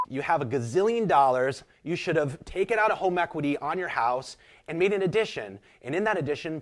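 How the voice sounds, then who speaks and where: Sarcastic ranting man co-host. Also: fairly high pitch. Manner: sarcastic, exaggerated rants. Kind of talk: comedic topical banter.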